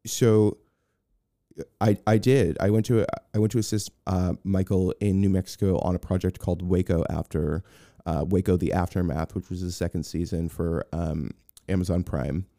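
Deep dark-voiced man telling a story. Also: fairly even intonation, normal speed, gravelly, no echo, studio quality. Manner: rambling, many restarts, acts out quoted voices. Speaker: guest, film personal assistant. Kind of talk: casual interview storytelling.

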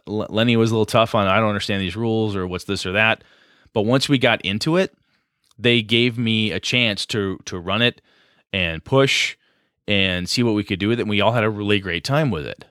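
Animated and brisk, the game master co-hosting this podcast rambles casually about running tabletop games, often at his own expense. His voice runs on the low side with a fairly bright tone, and the clean studio sound carries no room noise.

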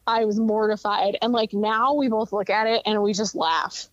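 A woman's voice: mid-range voice, fairly even intonation, normal speed, no echo. Woman, candid podcast guest, rambling with fillers, muffled dry sound. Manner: frank and chatty, many "like" and "you know" fillers.

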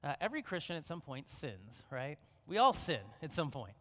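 Middle-aged male pastor, bright voice, relaxed chatty sermon delivery, long reverb in the room. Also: fairly high pitch, moderate pace. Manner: conversational preaching, frequent "right?" asides.

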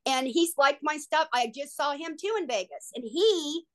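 Brief: woman guest, fairly high voice, excitable and gushing, casual storyteller. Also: moderate pace. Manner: excitable, gushing, frequent "like" and "oh my God". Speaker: actress and guest.

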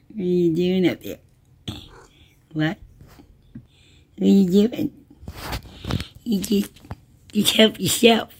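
A woman's voice: medium pitch, extremely slow, long pauses, husky. A woman talking to her cat in a playful, cooing way, laughing often. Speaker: pet owner.

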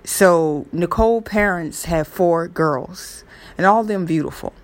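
A woman's voice: lowish voice, unhurried. A woman casually retelling a story in a rambling, chatty way, with many fillers and restarts. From New York area. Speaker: true crime vlogger.

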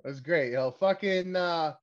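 A man's voice: on the high side, unhurried, highs cut off. A man from Canada hosting a casual wrestling podcast, rambling, swearing often and getting worked up. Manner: profane, rambling, excitable. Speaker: podcast host.

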